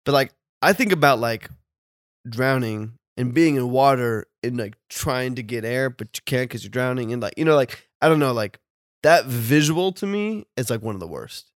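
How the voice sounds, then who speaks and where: A man, co-hosting a podcast and telling stories in casual chat, animated and quick to say "bro". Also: mid-range voice, dry recording, studio quality. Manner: animated storyteller, says "bro" often. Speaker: podcast co-host.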